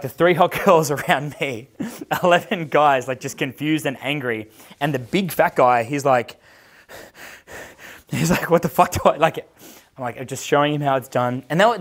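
A man in his thirties with an Australian accent, a dating coach telling a long casual story, swearing constantly and acting out the voices of the people in it. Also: medium pitch. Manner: profane, animated, acts out quoted voices.

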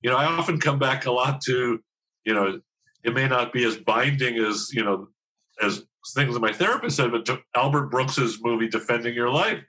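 A man in his fifties, a TV writer appearing as a podcast guest, speaks candidly in a mid-range voice at a moderate pace with a sharp tone. He's self-deprecating and rambling, restarting often, and the recording is rough.

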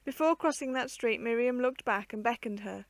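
A woman reading an old children's book aloud in a measured, expressive way. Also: a little high, no echo. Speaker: storyteller.

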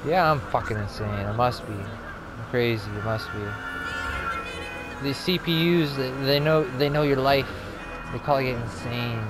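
A man's voice: mid-range voice, a little slow. A man ranting with constant swearing while commentating his gameplay. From Canada. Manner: profane, exasperated ranting. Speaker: gaming streamer. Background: video game music.

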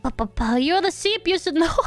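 A woman's voice: very high-pitched, dry recording. A young woman streaming a life-sim game, chatting playfully with her chat, giggling and babbling along to the game's sounds. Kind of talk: casual live-stream gameplay chat.

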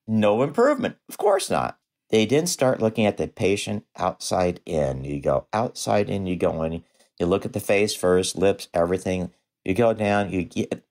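An older man, a dentist guest on a podcast interview, telling patient stories in an animated way and jumping high in pitch when he acts out what people said.

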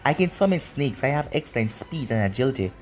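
A man's voice: mid-range voice, expressive, quick pace, faint music behind, natural voice. A man voicing a sinister, calculating male snake ninja who lists his skills boastfully.

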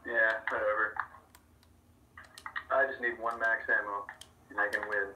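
A man's voice: fairly low pitch, flat delivery, a little slow, roomy sound, distant mic, noisy background. A man bantering with a friend over a video game, giving dry, stubborn comebacks. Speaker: gamer playing with a friend. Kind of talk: casual gaming banter.

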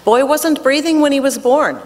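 A brusque, hurried male doctor with a thick Russian accent, as a woman reading her story puts him on. He speaks in flat, clipped fragments, pitched higher than the reader's own voice, and the words ring out in a long theatre reverb. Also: natural voice. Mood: blunt. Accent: Russian, put on. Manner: clipped, blunt broken phrases. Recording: theatre hall with faint noise.

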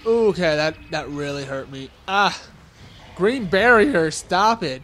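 Soft music plays behind a young man doing let's-play commentary in a highish, slightly bright voice with lively, unhurried delivery. He's goofy and jokey, yelping and grunting at every hit and bantering with the enemies on screen.

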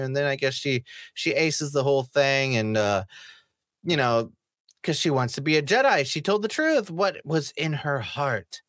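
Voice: medium pitch, animated, measured pace, fairly bright tone, no room sound, clean studio sound. A vlogger giving a casual, sarcastic review of a TV episode, mocking it and swearing now and then.

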